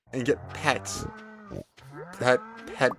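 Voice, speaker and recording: A man's voice: mid-range voice, slight background noise. A man giving casual, playful commentary while he plays a farming video game. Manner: animated, playful, chatty. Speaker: gaming video host.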